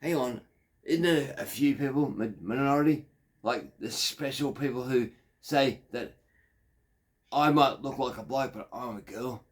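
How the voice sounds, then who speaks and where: A man's voice: mid-range voice, measured pace. A man in his fifties with an Australian accent, telling a crude, digressive story in a rambling monologue. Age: 50s. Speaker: factory worker.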